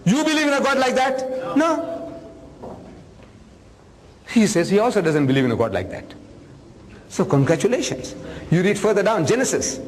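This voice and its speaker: An older man and religious lecturer, telling stories to an audience in an animated, humorous way, acting out dialogue and sound effects. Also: sits high, normal speed, pauses often, big-room sound, a little hiss or hum, rough recording. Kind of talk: storytelling sermon to an audience.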